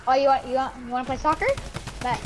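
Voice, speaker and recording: A woman chatting excitedly with a friend while they play a shooter game. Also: high voice, fast talker. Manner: excited, chatty, says bro. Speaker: gamer. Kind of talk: casual gaming chat. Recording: game gunfire noise behind.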